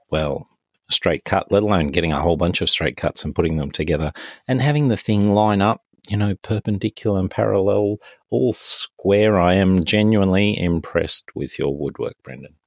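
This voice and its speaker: Male co-host, very deep voice, halting, teasing casual banter, dry close sound. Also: no echo. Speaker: podcast co-host. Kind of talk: casual chat.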